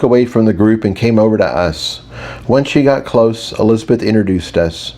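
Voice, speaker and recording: Mellow, low-voiced male audiobook narrator. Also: lively intonation, normal speed. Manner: wry, conversational. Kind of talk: first-person audiobook narration.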